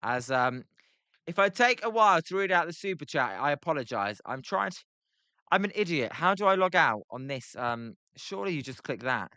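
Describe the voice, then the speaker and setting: A man's voice: a little high, very animated, moderate pace, sharp tone, smooth, no echo. A British man doing live baseball play-by-play for a stream, chatting with viewers, full of filler ums and self-deprecating asides. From Britain.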